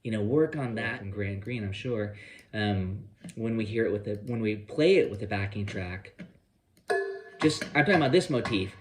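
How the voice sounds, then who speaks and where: A man's voice: lowish voice, animated, moderate pace, a little hiss or hum. A man giving a guitar lesson, explaining phrasing and scat-singing the rhythms he means. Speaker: guitar teacher. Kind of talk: instructional explanation. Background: loud guitar playing.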